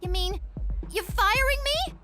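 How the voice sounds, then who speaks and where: A squeaky, spoiled teenage daughter. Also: female voice, animated, unhurried, over music. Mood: bratty. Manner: whiny and melodramatic, swinging from hate to love. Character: spoiled bratty teenage daughter, dramatic and whiny.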